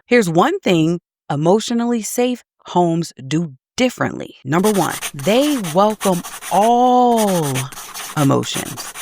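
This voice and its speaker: A woman's voice: lowish voice, vocal fry, darkish tone, no room sound. A middle-aged woman and parenting coach giving earnest, reflective advice straight to camera.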